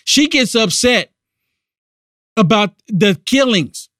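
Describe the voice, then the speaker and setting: A man's voice: high voice, expressive, slow pace, a bit bright, no echo, clean studio sound. A man hosting a political podcast, giving indignant, emphatic commentary. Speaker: podcast host.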